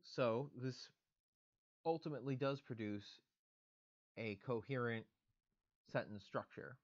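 A man's voice: mid-range voice, slow, lo-fi sound. A man giving a recorded online lecture, explaining grammar step by step in a methodical way with casual fillers.

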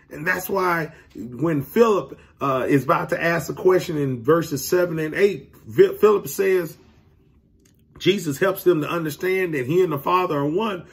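A youth minister with a fairly high, creaky, breathy-edged voice teaches a Sunday school lesson. He addresses the young people directly in an earnest, preacherly way. He was recorded alone beside a window.

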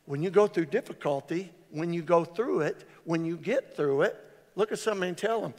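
An older man with a high-pitched voice speaks at a quick pace, preaching a sermon as pastor in a church sanctuary. He's an animated, joking storyteller, telling jokes and stories and acting out the voices of the people in them. The recording carries hall reverb.

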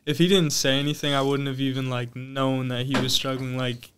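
A man co-hosting a podcast, adding a thought softly in casual chat. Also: medium pitch, little pitch movement, a little fast, clear, resonant tone.

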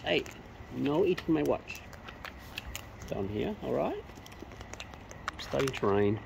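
Woman teasing birds in lively singsong. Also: very deep voice, takes it slowly, vocal fry. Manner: playful, teasing baby talk to birds. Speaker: vlogger feeding wild cockatoos. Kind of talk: casual chat to birds. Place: outdoors. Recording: noisy outdoor recording. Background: bird calls and outdoor ambience.

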